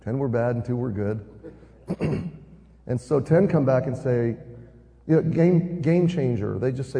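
A man's voice: mid-range voice, animated, measured pace, creaky, pauses often, mellow, in a large hall. A man preaching a sermon, retelling the story in an earnest way and building emphasis as he goes.

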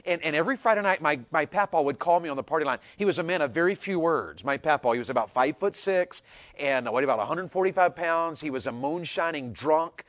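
A man telling a folksy personal story, animated and repetitive, rising to loud peaks. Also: on the high side, fast talker. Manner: animated, repeats words, builds to loud peaks. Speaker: storyteller speaker.

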